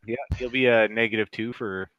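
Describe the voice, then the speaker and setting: Low-voiced man running a tabletop game. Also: steady tone, brisk, no room sound, highs cut off. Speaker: game master.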